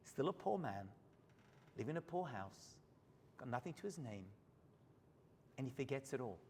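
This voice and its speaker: A man preaching a storytelling sermon as a rabbi in a synagogue, swinging from hushed asides to loud high points. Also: big pitch swings, normal speed, big-room sound, slight background noise.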